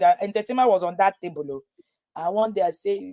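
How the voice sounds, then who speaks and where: A woman's voice: medium pitch, fast talker. A woman, a parenting coach talking to parents in a live webinar, telling stories and acting out what people said. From Nigeria. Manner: lively storytelling, acting out quoted voices.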